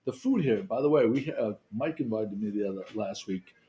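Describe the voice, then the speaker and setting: A man's voice: lowish voice, animated, a little fast, dark tone, low-quality recording. A man hosting a podcast, chatting casually and rambling a little as he tells stories. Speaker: podcast host. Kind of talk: casual chat.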